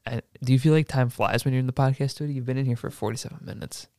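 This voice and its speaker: A man's voice: mid-range voice, steady tone, racing, darkish tone, no echo. Young man hosting a podcast, dry sound. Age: young adult. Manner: easygoing, asks questions, jokes. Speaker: podcast host. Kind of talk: casual chat. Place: podcast studio.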